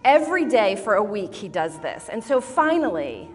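A woman giving a sermon-style talk to a women's group, telling stories in an animated, expressive way. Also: mid-range voice, normal speed. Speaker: speaker at a women's Bible study. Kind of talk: sermon-style teaching with storytelling. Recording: long hall reverb.

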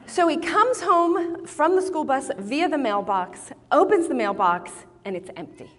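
A woman giving a sermon-style talk to a women's group, telling stories in an animated, expressive way. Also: high voice, measured pace. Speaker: speaker at a women's Bible study. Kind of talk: sermon-style teaching with storytelling. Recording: long hall reverb.

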